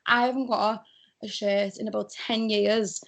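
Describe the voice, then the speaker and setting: A woman's voice: medium pitch, measured pace, gravelly. A young woman with a strong Scouse accent, chatting as a guest over a Skype audio call. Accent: Scouse (Liverpool). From Liverpool, England. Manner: chatty, animated storyteller. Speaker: guest, radio producer. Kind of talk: casual chat.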